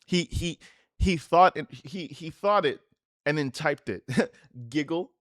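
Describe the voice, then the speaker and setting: A man's voice: fairly high pitch, a little slow, fairly bright tone, no echo, studio quality. A man giving a crude, sarcastic reaction commentary, mocking the texts he reads aloud and often laughing. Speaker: online commentator.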